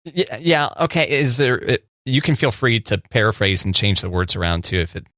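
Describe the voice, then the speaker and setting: A man co-hosting a radio show who teases his partner and keeps up a stream of quick replies. His voice has an average pitch. It is caught close and dry on a studio mic. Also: a bit bright, dry recording. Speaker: radio co-host. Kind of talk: morning radio show chat.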